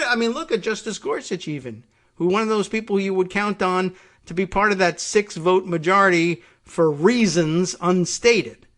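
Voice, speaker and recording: A man's voice: high voice, a bit bright. A man hosting a political talk podcast, delivering a sarcastic commentary monologue and reading from posts. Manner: sarcastic, mocks opponents with put-on quotes. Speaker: podcast host.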